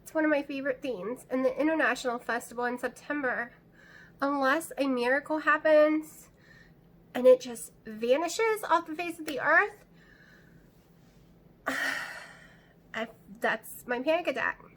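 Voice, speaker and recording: Bright-voiced chatty woman vlogger. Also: high voice, unhurried, pauses often. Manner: rambling, anxious and chatty. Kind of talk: casual chat to camera. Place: at home, indoors.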